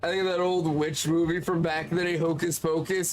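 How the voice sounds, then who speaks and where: A man's voice: a little high, little pitch movement, a little fast, faint music behind. A man streaming and chatting casually with his chat, swearing freely and often laughing.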